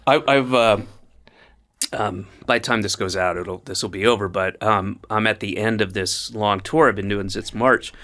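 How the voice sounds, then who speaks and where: A podcast host chatting casually with a guest. His voice sits somewhat low, and he tells his stories in an offhand, conversational way. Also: moderate pace, bright, forceful tone. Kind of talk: casual chat.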